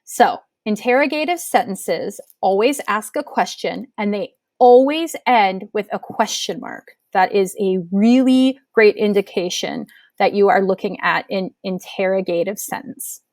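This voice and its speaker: A woman teacher giving a recorded grammar lesson, explaining clearly and patiently with example sentences. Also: mid-range voice, unhurried, a little mellow, no room sound.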